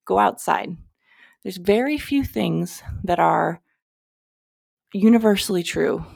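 A woman's voice: on the low side, lively intonation, slow, vocal fry, darkish tone, dry recording, studio quality. A young woman hosting a podcast, giving casual spiritual advice in a candid, chatty way, sometimes swearing and cutting herself off. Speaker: podcast host.

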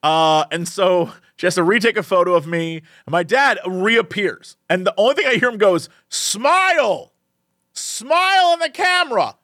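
A man's voice: high voice, fairly quick, few pauses, no echo, studio quality. A young man on a podcast, chatting casually as he tells a funny story, laughing often and acting out the people in it. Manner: animated, laughs often, acts out quoted people. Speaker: podcast co-host.

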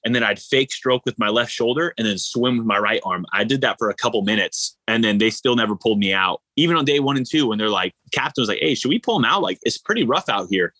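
A man, an endurance athlete, telling stories in a casual interview, animated and rambling with lots of fillers. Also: fairly low pitch, fast, few pauses, no room sound, poor audio. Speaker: ultra-endurance athlete guest.

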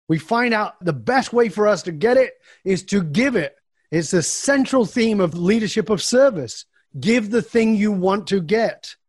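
A man's voice: sits high, no echo, clean studio sound. A middle-aged man answering an interviewer's questions on a podcast, a coach who acts out the dialogue of his stories. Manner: animated storyteller acting out dialogue.

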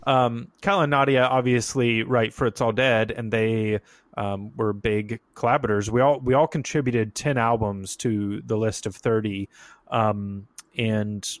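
A man hosting a casual music podcast, talking in a relaxed way with lots of fillers. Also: fairly low pitch, measured pace, no echo. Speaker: podcast host.

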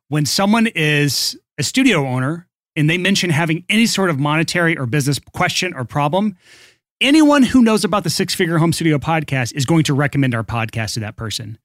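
A man's voice: fairly high pitch, expressive, fairly quick, fairly bright tone, dry recording, studio quality. A man co-hosting a podcast, reading an upbeat ad and then chatting casually and joking with his co-host. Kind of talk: casual podcast chat and read ad.

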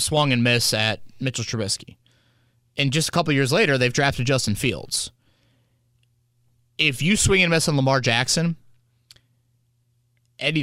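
A man's voice: medium pitch, pushed and bright, no echo. A man hosting a sports podcast in a casual, rambling way, spinning hypotheticals. He is recorded on a close, dry mic. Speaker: podcast host.

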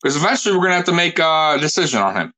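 A man's voice: fairly high pitch, big pitch swings, racing, bright, forceful tone, low-quality recording. A man hosting a casual sports chat, blunt and emphatic, often saying "bro". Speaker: podcast host.

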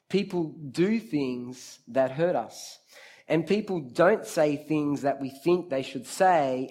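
A man delivers a sermon in a voice pitched a touch high for a man. He is lively and talks straight to the crowd, drawing answers out of his listeners and repeating his points for emphasis. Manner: repeats key phrases for emphasis. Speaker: preacher leading a youth group. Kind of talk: interactive sermon.

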